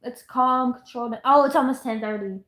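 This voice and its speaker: Woman streamer, high voice, chatty and giggly, echoey room. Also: a little fast, a bit bright. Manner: rambling, giggly, talks to chat and herself. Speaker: livestreamer. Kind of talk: casual live-stream chatter. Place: at home, indoors.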